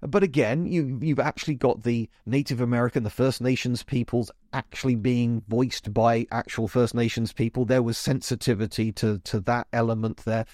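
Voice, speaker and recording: A man's voice: mid-range voice, darkish tone, no room sound, studio quality. A man hosting a podcast, talking casually and emphatically about musicals with chatty asides. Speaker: podcast host. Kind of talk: casual chat monologue.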